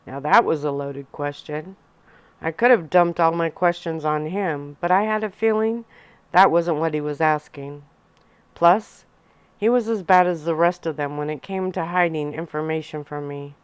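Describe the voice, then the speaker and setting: An audiobook reader narrates a novel in a soft-spoken ASMR style at normal speed. Her voice is fairly low and smooth, and the sound is close and dry, with no room echo.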